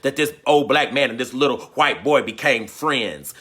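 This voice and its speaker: A fiery man preaching with a husky, breathy edge to his voice. His pitch swoops widely as he pounds out refrains and calls for answers. He sits a bit high for a man and his tone is sharp and forceful. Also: animated, unhurried. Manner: call-and-response, repeated refrains, swings into shouting. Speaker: teacher and preacher. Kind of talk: impassioned sermon.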